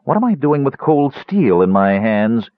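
A man voicing a big, deluded male warrior who speaks softly and harshly. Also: medium pitch, sing-song, measured pace, no echo. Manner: murmuring, harsh. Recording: tinny narrow-band dry recording.

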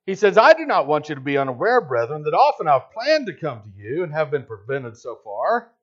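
A man's voice: fairly high pitch, very animated, a little fast, fairly bright tone. A man preaching a sermon as a pastor, emphatic and full of rhetorical questions. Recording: slightly dull lo-fi recording.

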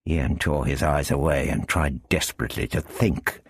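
A man narrating an adventure story with steady, tense delivery. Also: rumbling low, moderate pace, breathy edge, no echo, clean studio sound. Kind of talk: audiobook reading of an adventure story.

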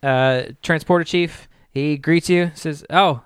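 A man narrating a tabletop game as game master, with halting speech and frequent restarts. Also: a little high, smooth, no echo, clean studio sound. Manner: halting, full of restarts and fillers.

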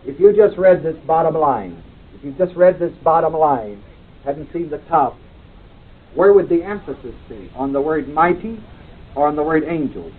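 A man's voice: a little high, animated, moderate pace, a little hiss or hum. A man teaching a Bible class, reading verses aloud and quizzing his class, on a tinny old tape recording. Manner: reads scripture aloud, then asks the class questions.

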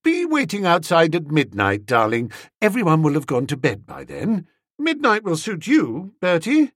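A storybook reader voicing an imperious, scheming young woman who talks fast and bosses everyone around. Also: mid-range voice, wildly swooping pitch, dry recording, studio quality. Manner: bossy, fast and breathless.

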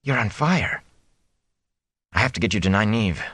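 An earnest young farm lad pleads in a lifted, worried voice, as a man reading a storybook plays him. The delivery is urgent but kept low, with a dry, close sound. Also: lively intonation, normal speed, a bit bright, breathy edge, no echo. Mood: anxious, urgent.

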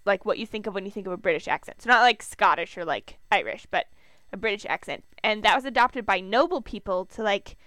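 A young woman with a Minnesotan accent co-hosts a podcast, chatting casually in a rambling way. Her mid-range voice is a little fast and fairly bright, with no echo.

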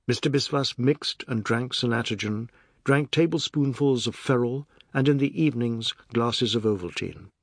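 A man narrating a novel as an audiobook in a measured, expressive reading. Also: mid-range voice, dry recording, studio quality.

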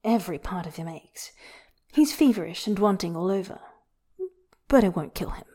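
A woman narrating a fanfiction story aloud in an intimate, soft and often whispery way. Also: fairly low pitch, lively intonation, moderate pace. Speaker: podfic reader.

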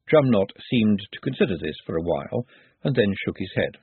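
A man narrating a story in a dry, wry, measured way. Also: on the low side, sing-song, husky, dry recording. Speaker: audiobook narrator. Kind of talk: scripted narration. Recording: dry, phone-like narrow sound.

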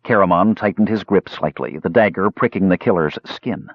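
A man reading a fantasy audiobook in scripted, measured and dramatic narration. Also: low-pitched, husky, no echo, lo-fi sound.

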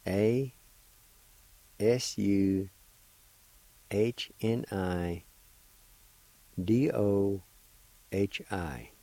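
A man's voice: fairly low pitch, drawn-out words, long pauses, dark tone, no echo, poor audio. A man hosting a radio language lesson, patiently spelling and pronouncing each word syllable by syllable. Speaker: radio host teaching Cherokee words. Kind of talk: slow spelling and pronunciation lesson.

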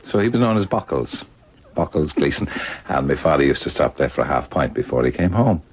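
A man's voice: rumbling low, sing-song, a little fast. An older Irish man telling stories in a radio conversation, laughing often and slipping into little voices. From Ireland. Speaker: guest author.

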